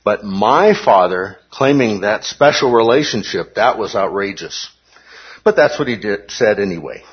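Male Bible teacher, husky, casual with the class, muffled lo-fi recording. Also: lowish voice, animated, moderate pace. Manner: conversational, checks in with the class.

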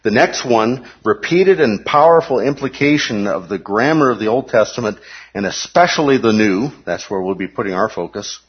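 Male Bible teacher, husky, casual with the class, muffled lo-fi recording. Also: on the low side, lively intonation, normal speed. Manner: conversational, checks in with the class.

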